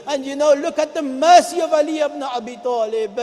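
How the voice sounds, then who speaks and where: Man, very high voice, mourning sermon, chanting and crying out, long reverb of a large hall. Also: a little fast, mellow. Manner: chants and cries out lines in a mourning melody. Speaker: preacher.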